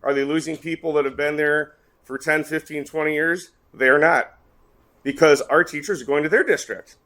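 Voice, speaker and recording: A man's voice: a little high, fairly even intonation, moderate pace, sharp tone. A man making a blunt, frustrated public comment at a school board meeting. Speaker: parent speaking in public comment.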